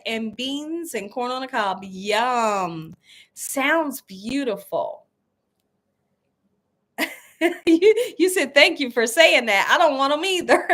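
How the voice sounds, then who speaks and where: A woman with a high, pushed, bright voice hosts a live cooking stream, chatting casually with viewers and reading their comments out loud. She laughs a lot and comes across emphatic and playful.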